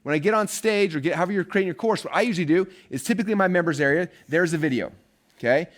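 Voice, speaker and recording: A man teaching a live online marketing course at a rapid clip, his voice sitting a bit high. He talks with chatty energy and keeps checking in with "right?" and "okay?".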